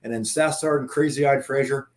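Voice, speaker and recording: A man's voice: mid-range voice, steady tone, brisk. Profane rambling man telling stories. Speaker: guest. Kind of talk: casual chat.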